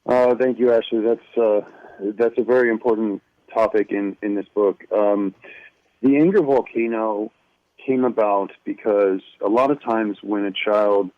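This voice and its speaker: A man who wrote a children's workbook, explaining it to a host in a measured, explanatory way. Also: lowish voice, steady tone, dry recording. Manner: measured, explanatory, many fillers and restarts. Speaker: workbook author, guest. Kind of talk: casual interview talk. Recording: tinny phone line.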